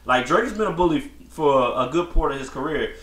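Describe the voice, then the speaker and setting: A man's voice: on the high side, expressive, a little fast, fairly bright tone. Blunt rambling man podcasting in echoey room. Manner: blunt, rambling, slangy, many restarts. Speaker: podcast host. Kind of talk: casual solo commentary.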